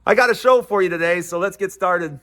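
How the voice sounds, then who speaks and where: Brisk and fairly bright in tone, a high male voice belongs to a host fuming sarcastically about politics on his own show. Now and then he mimics people in put-on voices to mock them.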